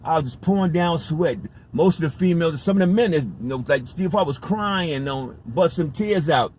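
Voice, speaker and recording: A man tells a story casually, circling back and repeating his points with emphasis and the odd curse. His voice sits a bit high for a man. A faint background noise runs under the recording. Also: expressive, normal speed, a little mellow. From United States. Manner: rambling, emphatic, profane, repeats himself. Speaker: vlogger.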